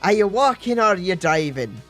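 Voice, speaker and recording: A chatty Irish roadside local with a sing-song lilt and a literal mind, as a man puts him on while telling a story. The voice sits high, with faint music playing underneath. The delivery is cheerful and lively. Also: moderate pace.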